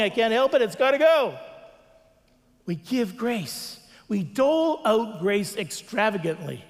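A man's voice: high-pitched, in a large hall. A man preaching a sermon as a pastor, earnest, with repeated refrains and acted-out quotes.

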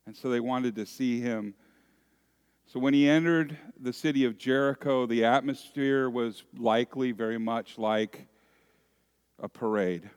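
A pastor preaching a sermon, telling a story dramatically and dropping at times to a hushed voice. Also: male voice, mid-range voice, clear, resonant tone. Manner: slow, dramatic storytelling that swings from loud to hushed. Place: church sanctuary. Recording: long reverb of a church hall.

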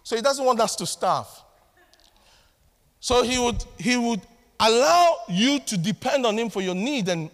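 A man preaching a sermon to his church, animated and acting out little family scenes as he talks. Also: extremely high pitch, measured pace. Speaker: pastor. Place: church hall. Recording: long hall reverb.

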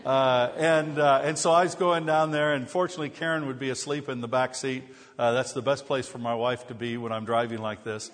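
A pastor with a medium-pitched, fairly even voice preaches a little fast with few pauses, his words carried by long hall reverb. He opens with funny, self-deprecating stories before moving into scripture.

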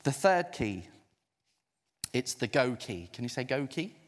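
A man preaching a sermon, expressive, drawing out key words for emphasis and getting his listeners to repeat phrases back. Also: medium pitch, big-room sound. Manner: expressive, drawn-out emphasis, audience call-and-response.

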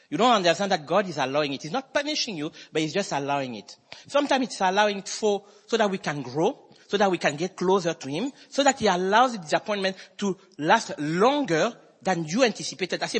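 A man preaching a sermon as pastor, emphatic and swinging his voice between high and low. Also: a bit bright, husky. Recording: long hall reverb.

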